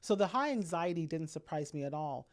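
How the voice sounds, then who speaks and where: A middle-aged woman speaking candidly and reflectively about a personal experience, with pauses and restarts. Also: deep voice, lively intonation. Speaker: speaker sharing a personal story. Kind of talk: intimate personal talk.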